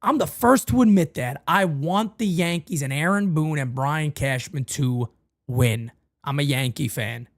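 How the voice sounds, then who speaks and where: A man's voice: on the high side, a little slow. A man hosting a sports talk show, ranting emphatically and repeating phrases for weight. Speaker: podcast host.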